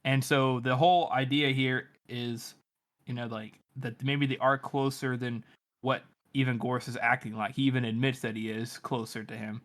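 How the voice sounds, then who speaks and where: Male co-host, medium pitch, loose and rambling, casual book chat. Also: steady tone, moderate pace, fairly bright tone. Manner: rambling, lots of likes and ums. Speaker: podcast co-host.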